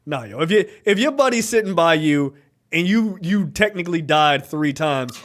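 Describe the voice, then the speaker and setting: A man's voice: on the high side, normal speed. A man co-hosting a casual movie review chat, acting out the characters' lines. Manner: animated, acts out characters' lines. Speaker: podcast co-host.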